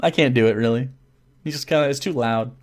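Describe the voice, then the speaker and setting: A man's voice: medium pitch, fast. A man hosting a casual live stream, reading viewer messages aloud and joking around with lots of swearing and restarts.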